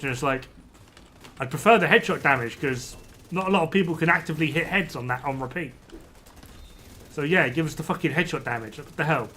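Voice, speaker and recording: Ranting man with a bright, tense voice. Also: on the high side, brisk, slight background noise. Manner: ranting, exasperated, swears freely. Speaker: game streamer. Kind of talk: casual gameplay commentary to chat.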